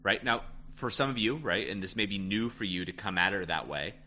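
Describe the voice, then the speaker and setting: A man's voice: deep voice, a little fast, pushed and bright, a little hiss or hum. A man coaching listeners on relationships in a casual, emphatic way, often tagging lines with "right?". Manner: emphatic, repeats "right?" and "end of story". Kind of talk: casual advice talk.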